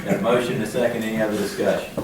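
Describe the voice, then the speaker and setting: A man chairing a formal meeting, calling for motions and votes in a brisk, jokey way. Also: lowish voice, steady tone. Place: large meeting room. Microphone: distant room mic. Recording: echoey room from far off, faint noise.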